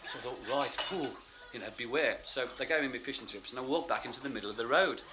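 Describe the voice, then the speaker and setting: A man telling a story in stand-up, animated and laughing as he talks. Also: mid-range voice, racing. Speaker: comedian. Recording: loud noisy live recording.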